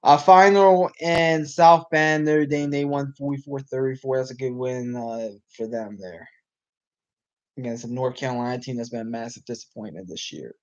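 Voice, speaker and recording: Medium in pitch and steady in tone, a man speaks at a moderate pace over lo-fi sound while hosting casual talk about a live game. He rambles and restarts, leaning heavily on ums as he reacts. His voice is fading.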